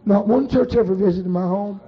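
High-voiced preacher telling a story. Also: male voice, a little fast, creaky. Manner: dramatic, swinging from hushed to shouted. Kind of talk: fervent storytelling sermon. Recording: dull lo-fi recording.

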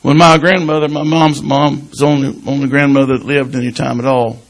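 A man preaching an informal sermon, folksy and personal, punctuating his stories with hallelujahs and dropping to a hushed voice at times. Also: medium pitch, little pitch movement, fairly quick, poor audio. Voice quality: gravelly, husky. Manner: folksy, breaks in with hallelujahs, swings from loud to hushed.

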